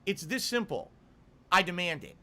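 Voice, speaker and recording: Angry ranting man, high bright voice. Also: sing-song, moderate pace. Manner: indignant, swearing, repeating demands. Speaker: streamer. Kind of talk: angry rant to camera.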